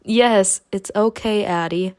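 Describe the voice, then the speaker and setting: A woman reading the lines of a desperate young man in a game story, quiet and defeated in her own voice. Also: medium pitch, slow pace, natural voice.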